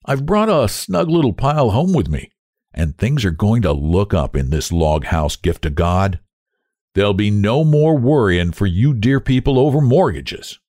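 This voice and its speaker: A man's voice: lowish voice, sing-song, unhurried, dry recording, studio quality. A man voicing a grown brother back from prospecting, telling his tale in a sober, hearty way. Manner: warm, sober storytelling. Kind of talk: audiobook character voice.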